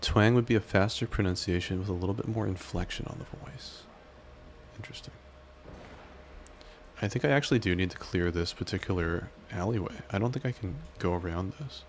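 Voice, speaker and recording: Deep-voiced male game streamer. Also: a little fast, slight background noise. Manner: relaxed, chatty, talks to chat. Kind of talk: casual gameplay commentary.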